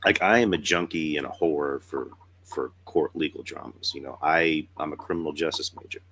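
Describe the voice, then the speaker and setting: A man's voice: a bass voice, normal speed, fairly bright tone. A young man with a cold hosting a podcast in casual chat, talking in a loose, rambling way and swearing now and then. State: sick with a cold, rough voice. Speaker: podcast host.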